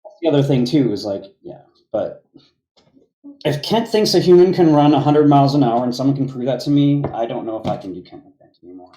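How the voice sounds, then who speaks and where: Podcast guy, kinda exasperated and sarcastic, mellow dark voice, roomy echo. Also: mid-range voice, animated, brisk. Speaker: podcast co-host. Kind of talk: casual commentary chat.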